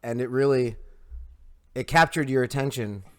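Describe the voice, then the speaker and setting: A man's voice: mid-range voice, clear, resonant tone. A man hosting a podcast in casual interview chat, often restarting his sentences. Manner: halting, frequent restarts. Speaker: podcast host.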